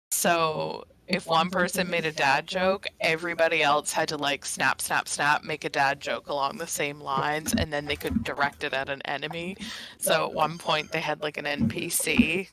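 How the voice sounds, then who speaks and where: A woman chatting casually during a tabletop game session, rambling through a story with lots of filler words. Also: sits low. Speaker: player. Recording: noisy background hiss.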